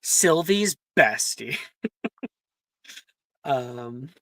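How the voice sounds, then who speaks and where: A game master narrating a tabletop role-playing game in a relaxed way, often laughing and clearing the throat. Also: mid-range voice, extremely slow, dry recording.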